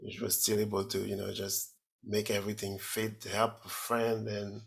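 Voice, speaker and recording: A man with a low voice speaks in a relaxed way on a video call. He jokes about himself and pauses with fillers as he praises a teammate. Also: gravelly, husky. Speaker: discussion group participant. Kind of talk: casual group chat.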